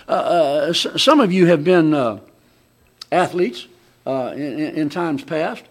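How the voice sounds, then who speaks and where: A man preaching a conversational sermon, often restarting his sentences and swinging between loud emphatic lines and quiet asides. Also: a little high, lively intonation, a little slow.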